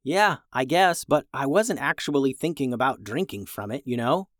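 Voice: medium pitch, animated, normal speed, no room sound, studio quality, lightly acted. A reader voicing a wry, reluctant boy who grumbles a little in a storybook. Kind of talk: storybook reading.

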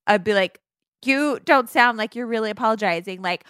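A woman co-hosting a podcast in casual chat, animated and joking, acting out mock apologies. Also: fairly high pitch, a little fast, clear, resonant tone, dry recording, studio quality. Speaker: podcast co-host.

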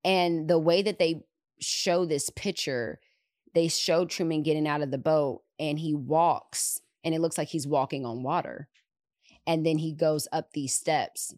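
A woman hosting a podcast, retelling a movie scene in an animated way and repeating words for emphasis. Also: deep voice, a little slow, no room sound, clean studio sound. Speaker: podcast host. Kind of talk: retelling a movie in casual chat.

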